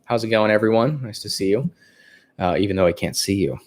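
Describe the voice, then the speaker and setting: A man's voice: fairly low pitch, brisk, a little mellow. A man with a Californian accent hosting a casual livestream, thinking aloud and rambling with fillers. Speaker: livestream host.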